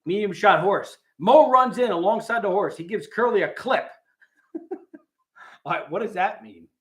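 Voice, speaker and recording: A man's voice: high-pitched, animated, normal speed, a bit bright. A man hosting a casual live stream, reading a script aloud with its stage directions and chuckling often.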